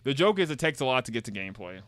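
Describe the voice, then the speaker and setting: Racing along with big swings in pitch, a man with a mid-range, slightly bright voice streams a game without any room sound. He keeps up casual banter, reads the dialogue aloud, and jokes in a meandering, repetitive fashion.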